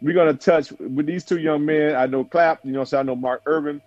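A man's voice: a little high, steady tone, brisk, a little mellow, dry recording. A man hosting a casual call-in chat over his cell phone, loose and teasing with his guests. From South Florida. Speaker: host. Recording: dull lo-fi phone audio.

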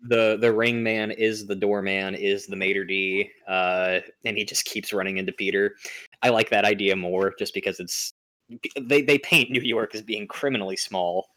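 A man's voice: lowish voice, steady tone, moderate pace, sharp tone, dry recording. A young man co-hosting a casual movie podcast, rambling with lots of fillers and restarts. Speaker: podcast co-host. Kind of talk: casual movie-recap chat.

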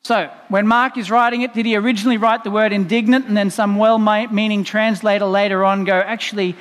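A man's voice: sits high, level tone, brisk, a bit bright. A male pastor preaching a sermon in a church, explaining in a conversational way with playful asides. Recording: long reverb in a church hall.

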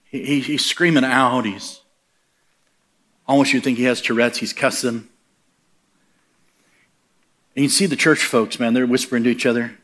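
A man preaching at a mid pitch who tells his story in a lively way. He slips into character voices for the people in his story. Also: moderate pace, pauses often. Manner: animated, acts out the voices in his stories. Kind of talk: sermon storytelling.

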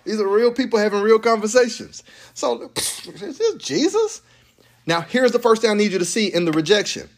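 Male pastor, high voice, lively, slangy, playful sermon delivery to a live church crowd. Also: fast, hardly any pauses. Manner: animated, playful preaching with slang and laughter. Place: church sanctuary with congregation.

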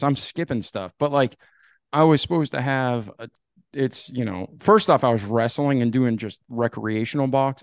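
Animated man telling his story. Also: mid-range voice, no room sound, clean studio sound. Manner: animated, acts out dialogue with "I'm like". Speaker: podcast guest. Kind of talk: casual storytelling.

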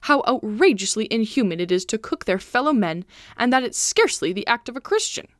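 A woman's voice: fairly high pitch, sing-song, fairly quick, no echo, studio quality. A woman doing a naive, easily shocked young man. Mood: indignant. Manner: exclaiming, earnest, bewildered.

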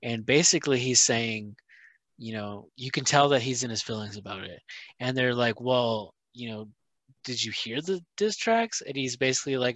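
A man co-hosts a casual podcast, retelling events in an animated way and acting out the people he quotes. His voice sits at an ordinary pitch, and the sound is dry and close with no room echo. He keeps checking in with "right?" and "you know". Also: normal speed. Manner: animated storytelling, quoting others, frequent "right?" and "you know". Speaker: podcast co-host. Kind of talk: casual chat.

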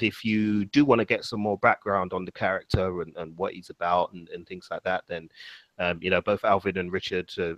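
A young man hosting a casual film podcast, relaxed and full of fillers, laughing easily. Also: low-pitched, dry recording, highs cut off. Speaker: podcast host.

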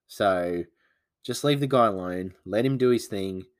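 A man's voice: on the low side, a little slow. A man, sounding congested from hay fever, rambling casually as the host of a solo podcast. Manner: rambling, chatty, many fillers.

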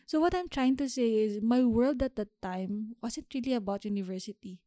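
A young woman hosts her own solo podcast, reflecting aloud in a calm, unhurried way and now and then restarting a word. Her voice sits a little high, with a soft, mellow tone. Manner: thoughtful, unhurried, with small restarts. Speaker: podcast host.

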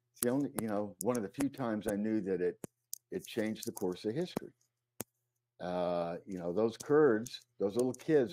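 A middle-aged man, a veteran correspondent, speaks in a slightly low voice. He tells his story earnestly in an interview, pausing on fillers and restarting his phrases as he goes. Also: mellow. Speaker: war correspondent.

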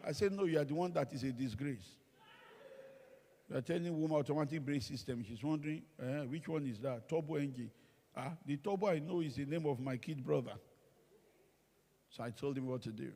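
A man's voice: medium pitch, a little fast. A male pastor giving a humorous sermon, telling stories and acting out the people he quotes. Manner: animated storytelling, acts out quoted voices. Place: church hall. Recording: long reverb of a large hall.

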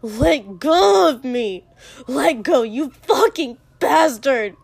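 A woman's voice: sits high, lively intonation, slow pace, gravelly, husky, no echo, pitched above the performer's own voice, heavily acted. A woman reading a story aloud, voicing a violent, bitter teenage boy who screams and spits insults. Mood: enraged.

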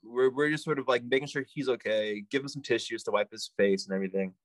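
A man, a podcast guest, telling a story casually in an animated, loose way full of asides. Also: medium pitch, fast, dry recording.

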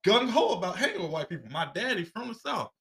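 A man from Chicago in casual chat, an animated storyteller who acts out voices, laughs often and uses a lot of profane slang. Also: high voice, fast, vocal fry, crowd noise.

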